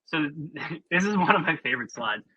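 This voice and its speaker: A man's voice: fairly high pitch, big pitch swings, moderate pace, sharp tone, slightly rough, dry recording, dull audio. A man presenting a webinar in a casual, chatty, opinionated way with plenty of fillers, over a video call.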